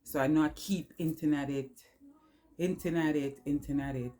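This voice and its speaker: Woman, low voice, tearful, halting, emotional vlog talk. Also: fairly even intonation, mellow. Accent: New York. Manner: halting, emotional, many pauses and fillers. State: tearful, crying. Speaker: vlogger. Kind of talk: personal vlog confession.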